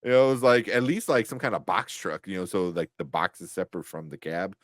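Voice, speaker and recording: A podcast co-host with a low voice reads chat during a casual livestream, rambling quickly with many fillers and restarts and laughing often. The recording is clean studio sound with no room sound.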